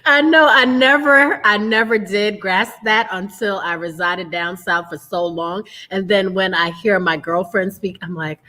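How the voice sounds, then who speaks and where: A woman's voice: medium pitch, a little slow, hardly any pauses, sharp tone. A woman hosting a casual interview chat, effusive and gushing. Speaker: host.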